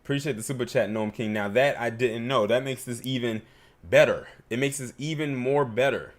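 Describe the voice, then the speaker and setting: A man's voice: medium pitch, normal speed. A man hosting a livestream, giving emphatic, opinionated commentary and reading super chats.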